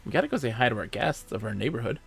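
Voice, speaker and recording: Gravelly man streaming a game. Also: medium pitch, lively intonation, racing, fairly bright tone, faint music behind. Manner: thinks aloud while playing, chatty with a co-player. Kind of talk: live gameplay commentary.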